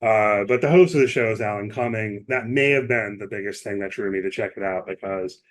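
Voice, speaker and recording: Male podcast co-host, slightly low voice, rambling explainer, casual chat. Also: a little fast. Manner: chatty, explains at length with many asides and restarts.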